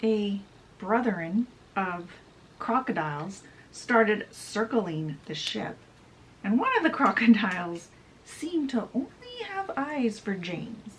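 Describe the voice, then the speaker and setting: Slow, chatty woman retelling a book. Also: mid-range voice, very animated, a little hiss or hum, rough recording. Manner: chatty retelling, "and he's like" asides. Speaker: book channel host. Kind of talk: casual book summary.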